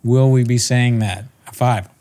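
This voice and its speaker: Man, podcast co-host, casual and rambling, profane, laughs easily, mid pitch. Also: fairly even intonation, measured pace, dark tone. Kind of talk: casual chat.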